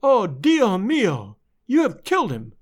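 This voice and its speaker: A man reading aloud and voicing a passionate young Italian wife who speaks in exclamations and halting English, with an Italian accent. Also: high voice, very animated. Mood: excited.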